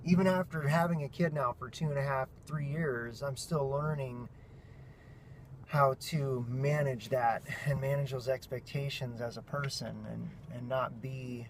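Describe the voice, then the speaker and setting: A nasal-voiced man in his thirties rambles earnestly to his camera in a casual vlog, with a few self-mocking jokes. He sounds short on sleep, and steady traffic noise runs behind him. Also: medium pitch, a little slow. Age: 30s. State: sleep-deprived. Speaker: vlog host and father. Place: outdoors while walking between offices. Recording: noisy street and traffic sound.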